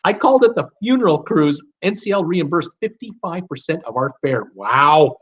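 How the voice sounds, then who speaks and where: A man's voice: fairly high pitch, animated, normal speed, slightly rough. A man hosting a live stream, reading viewer comments aloud and greeting each viewer by name in a chatty, upbeat way. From United States. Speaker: host of a live cruise Q&A stream. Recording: slightly dull, lo-fi stream audio.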